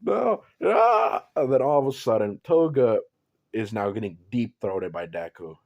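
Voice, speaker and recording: A man's voice: lowish voice, animated, moderate pace, warm tone, lo-fi sound. A man telling an improvised fan-fiction story in a rambling, profane, offhand way.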